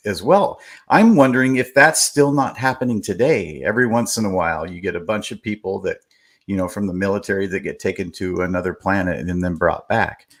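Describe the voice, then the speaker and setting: Slightly low-voiced, meandering co-host man. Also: a bit bright. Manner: meandering, many fillers. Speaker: radio co-host. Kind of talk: casual talk radio discussion.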